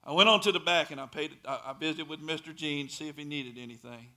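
A man preaching a sermon in a church, telling a story and building to shouted pleas. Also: fairly high pitch, fast. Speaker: pastor.

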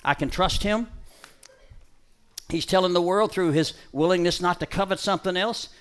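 A middle-aged man presents a live dog-training show, shouting commands at the dog in bursts, bantering jokily with the crowd, and sometimes slipping into a soft, preachy tone. His voice is high-pitched and clean, at a moderate pace.

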